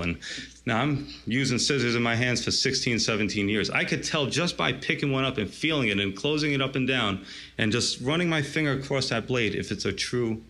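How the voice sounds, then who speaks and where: A man's voice: mid-range voice, pushed and bright. A male pastor delivering a sermon in a conversational storytelling way, often saying "you see.".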